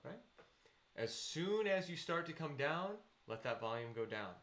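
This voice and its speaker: A man's voice: a little high, big pitch swings, a little slow, fairly bright tone. Man teaching vocal exercises in echoey room. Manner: counts students in and explains technique patiently.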